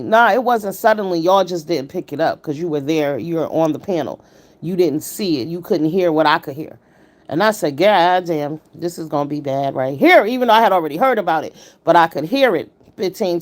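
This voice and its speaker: A woman hosting a live stream, giving blunt, emphatic and profane commentary while greeting her viewers. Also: medium pitch. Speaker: livestream commentator.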